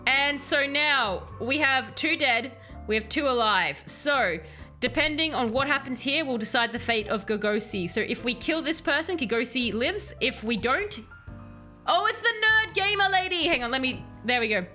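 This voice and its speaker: A woman streaming a game, chatting with viewers and reading game text aloud in a chatty, animated way. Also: high-pitched, moderate pace, faint music behind. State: has a headache. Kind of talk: casual game commentary with chat.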